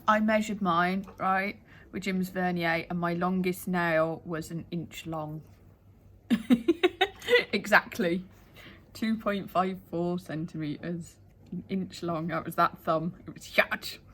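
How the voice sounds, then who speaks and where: A woman's voice: on the low side, fairly even intonation, slow pace, fairly bright tone, rough recording. A woman getting her nails done at home, chatting and rambling through long, loose explanations. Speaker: client, the host's sister. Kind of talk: casual chat.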